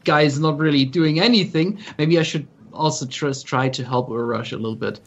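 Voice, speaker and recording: A man's voice: fairly high pitch, moderate pace, fairly bright tone. Hesitant man, muffled sound. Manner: hesitant, many fillers. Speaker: player. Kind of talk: casual chat in a tabletop game.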